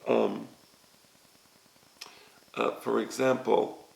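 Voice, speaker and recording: A man teaching a recorded lesson, explaining slowly and often checking with "right?". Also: mid-range voice, flat delivery, gravelly, darkish tone, echoey room, low-quality recording. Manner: slow, explanatory, repeats "right?" to check understanding. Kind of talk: recorded lecture on grammar.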